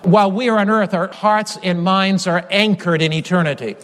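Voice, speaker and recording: A man preaching a sermon, emphatic, with repeated phrases and slow, stressed key lines. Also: high voice, a bit bright, long reverb tail.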